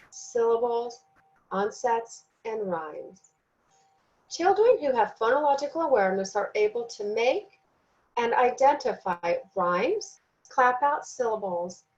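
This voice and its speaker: Woman teaching slowly, clapping out syllables. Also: fairly high pitch, highs cut off. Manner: slow, deliberate, sounds out syllables. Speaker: teacher trainer. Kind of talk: recorded training lesson.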